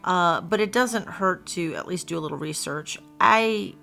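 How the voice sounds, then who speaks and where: A woman's voice: on the low side, normal speed, gravelly, pushed and bright, soft background music. A middle-aged woman, chatting folksily as she teaches painting at home. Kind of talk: casual painting tutorial.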